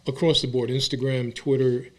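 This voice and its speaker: A man's voice: medium pitch, moderate pace. A man, a guest actor, talking frankly and with animation in a casual interview. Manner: animated, frank, a bit salty.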